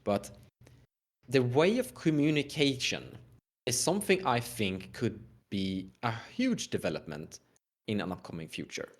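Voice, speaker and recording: A man's voice: mid-range voice, animated, measured pace. A man with a Swedish accent in a casual podcast chat, steering the topic and cutting in to explain. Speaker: podcast guest, Commander player.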